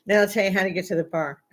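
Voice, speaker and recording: An older woman hosting a casual livestream from home, rambling and blunt, laughing often. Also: medium pitch. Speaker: livestream host. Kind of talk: casual live chat. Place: home, indoors.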